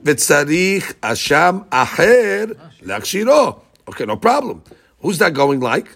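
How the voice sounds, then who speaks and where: A man leads a daily Talmud class, his voice pitched a bit high with a husky, gravelly edge. He keeps throwing rhetorical questions at his students and mixes Hebrew and Aramaic terms into his explanations. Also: sing-song, takes it slowly, fairly bright tone. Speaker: Talmud teacher.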